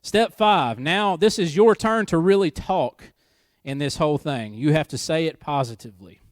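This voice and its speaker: A man's voice: a little high, moderate pace, no echo. Conversational male pastor, dry close sound. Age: adult, married. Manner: conversational, joking asides, repeats key lines. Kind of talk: sermon. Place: church service.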